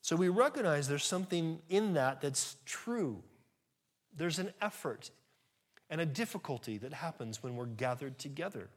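A pastor giving an earnest, conversational sermon, his voice swelling louder at times. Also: fairly high pitch, expressive, moderate pace. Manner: earnest, conversational preaching with sudden rises in volume.

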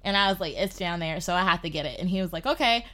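Animated woman telling a story. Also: on the low side, fast. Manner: animated, lots of "like". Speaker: podcast guest. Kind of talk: casual storytelling chat.

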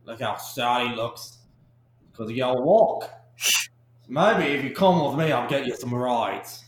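A man's voice: medium pitch, lively intonation, measured pace, echoey room, slight background noise, close to an everyday voice. A man voicing a brash adventurer who taunts and coaxes goblins in a tabletop game, in a slangy, mocking manner. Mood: taunting.

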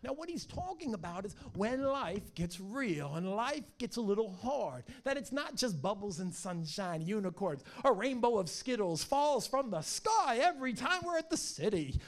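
A middle-aged man, a pastor, preaching a sermon with energetic, joking, animated storytelling. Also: high voice, moderate pace, hardly any pauses.

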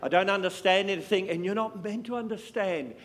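A man preaching a sermon with passion, swinging between loud and hushed. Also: sits high, a little fast. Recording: long hall reverb.

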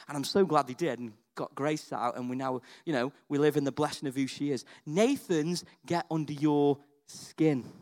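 A man preaching with a high, bright voice. He tells his story chattily, checking in with "right?" and "okay?". He swings from quiet confiding asides to excited, almost shouted peaks. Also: normal speed, hardly any pauses. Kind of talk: sermon.

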